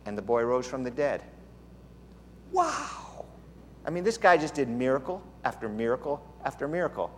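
A man's voice: fairly high pitch, huge pitch swings, normal speed. A man preaching a sermon in a conversational storytelling way, with playful asides. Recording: long hall reverb.

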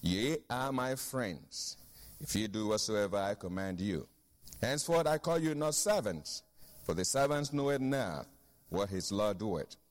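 A man's voice: lowish voice, lively intonation, moderate pace, big-room sound. A man preaching a sermon as pastor, emphatic, repeating key phrases and asking the congregation for an amen.

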